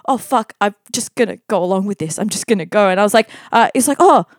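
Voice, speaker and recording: In a clean, dry studio recording, a woman talks fast in a medium-pitched voice. Her casual storytelling covers an awkward personal episode, told with animation and laughter as she acts out the dialogue.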